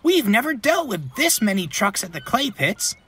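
A man voicing a huffy young male engine in a storybook reading, retorting in a shrill voice. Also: very animated, normal speed, fairly bright tone, slight background noise.

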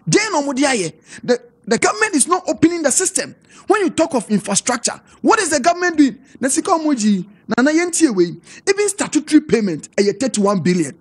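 A Ghanaian-accented man debating on a TV panel, his husky voice swinging widely up and down as he presses each point. He talks emphatically, piling up figures and questions, and slips between English and Twi. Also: very high-pitched. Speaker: political party panelist. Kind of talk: heated political panel debate.

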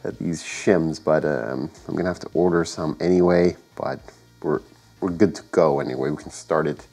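Garage vlog host: sick man, very low voice, muttered thinking-aloud narration, faint music underneath. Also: moderate pace, darkish tone. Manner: thinks aloud, hesitant fillers and self-corrections. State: sick, voice affected by illness. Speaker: home mechanic and channel host. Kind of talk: casual workshop narration while working. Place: home garage workshop.

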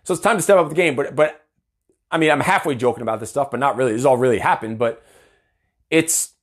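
A man in his thirties, a performance coach, ranting through a profane, animated livestream monologue. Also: mid-range voice, fast talker. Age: 30s. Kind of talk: Facebook Live monologue.

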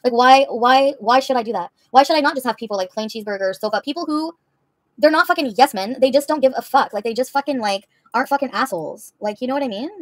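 A woman's voice: sits high, fast talker, no echo. A woman livestreamer answering her chat in a heated, profane, confrontational rant.

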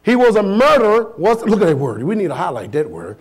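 Pastor guy preaching, lots of blunt questions thrown at the church, folksy and pushy, voice sits pretty high. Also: big pitch swings, breathy edge. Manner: preaches with rapid-fire rhetorical questions to the congregation. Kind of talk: sermon.

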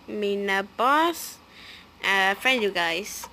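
A woman giving casual, excitable let's-play commentary as she plays, chatty and prone to gasps and squeals. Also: mid-range voice, measured pace, a little hiss or hum. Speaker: gaming video host.

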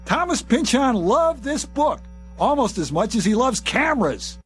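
A man voicing a male author with a broad Long Island accent, hawking photos like a loud carnival barker. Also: big pitch swings, unhurried, breathy edge, faint music behind, full character voice. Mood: mocking. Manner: shouting sales pitch.

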